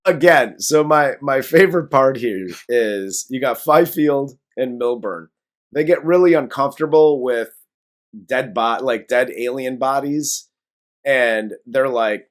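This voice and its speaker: A man in casual podcast chat, picking apart a film with sarcasm and swearing. He talks at an ordinary pitch and jumps into silly voices to mock the characters. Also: measured pace. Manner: profane, sarcastic, acts out scenes in silly voices. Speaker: podcast co-host. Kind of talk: casual movie review chat.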